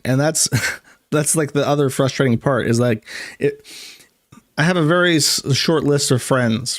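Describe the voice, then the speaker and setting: A man's voice: medium pitch, no room sound, studio quality. A man recounting past events in a matter-of-fact but frustrated way, with occasional stammers. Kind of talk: casual recounting.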